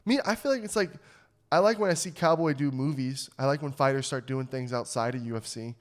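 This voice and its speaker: A young man co-hosting a podcast rants in casual chat, fired-up and swearing freely. His voice is medium-pitched and brisk.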